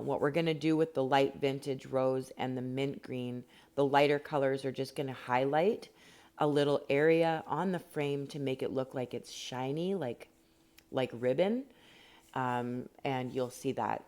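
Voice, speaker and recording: Very low-voiced woman. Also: darkish tone. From Canada. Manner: chatty, rambling, many fillers. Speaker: rock painting instructor. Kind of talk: casual tutorial narration. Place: home indoors.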